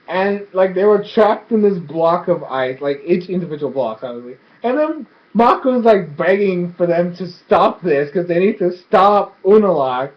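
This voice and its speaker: A man with a fairly high voice rambles excitedly through a casual review, stumbling over restarts and fillers. The sound is dull and lo-fi, as from a cheap home mic. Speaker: show reviewer. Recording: dull lo-fi recording.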